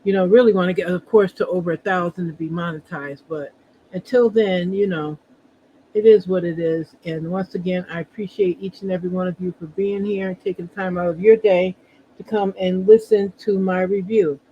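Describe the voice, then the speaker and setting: A man's voice: sits high, steady tone, moderate pace, warm tone, slight background noise. A man hosting a casual solo review podcast, chatting loosely with many fillers while feeling unwell. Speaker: reality show reviewer and host. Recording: dull lo-fi sound.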